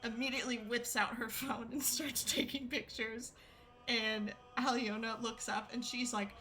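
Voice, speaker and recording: A woman's voice: a little high, flat delivery, normal speed, pushed and bright, slight background noise, poor audio. A woman streamer telling a story to her chat in a chatty way, laughing often and using many fillers. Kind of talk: casual storytelling to a live chat. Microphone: desk mic with ring light setup.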